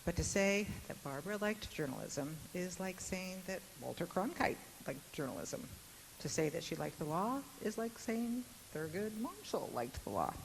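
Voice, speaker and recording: A woman with a low voice moderates a university panel in a lecture hall. She talks with wit and easy fillers. The recording carries a long hall reverb and a faint hiss. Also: sing-song, moderate pace, creaky. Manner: warm tribute, witty, chatty with fillers. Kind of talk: public talk.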